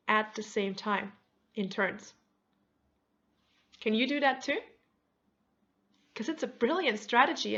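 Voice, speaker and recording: High-voiced woman explaining negotiation. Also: fairly bright tone, muffled recording. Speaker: negotiation teacher. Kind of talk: scripted lecture.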